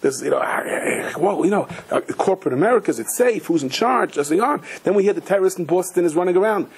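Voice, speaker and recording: A man's voice: high voice, lively intonation, fast talker, breathy edge. A man, a rabbi, giving a sermon as he tells a story, mixing Hebrew and Yiddish terms into his talk and often restarting his sentences.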